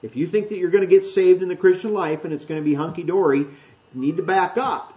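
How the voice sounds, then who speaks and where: A pastor teaching a Bible sermon in a loose, conversational way, correcting himself and joking with the congregation. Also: male voice, high-pitched, racing, lo-fi sound. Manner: conversational, self-correcting, jokes with the room.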